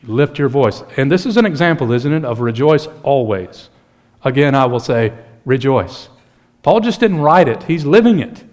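A man preaching a sermon in an animated, conversational way, mixing in humor. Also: medium pitch, moderate pace. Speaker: pastor.

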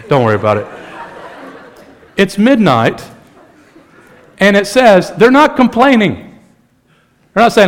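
Guy preaching, lively and jokey, talks right to the crowd, voice sits a bit high. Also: measured pace, long pauses. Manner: animated, humorous, conversational preaching. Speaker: pastor. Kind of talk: sermon.

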